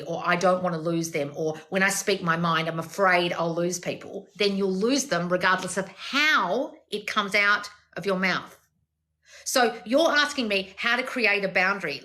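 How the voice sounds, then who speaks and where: A woman's voice: mid-range voice, pushed and bright. A woman, a manifestation coach, giving blunt, swearing advice in a lecturing monologue.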